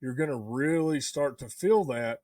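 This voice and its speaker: A man co-hosting a podcast, talking in a calm, agreeable way. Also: mid-range voice, moderate pace, no room sound, recorded from a distance. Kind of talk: casual chat. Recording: dry voice a bit off mic.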